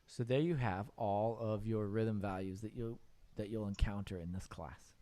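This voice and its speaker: A man's voice: fairly low pitch, normal speed, few pauses. A man teaching a piano class, joking with his students while he draws notes with a mouse.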